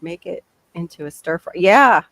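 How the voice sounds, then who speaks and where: A woman co-hosting a casual group chat, animated and laughing often. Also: fairly low pitch, normal speed, no echo. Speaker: co-host.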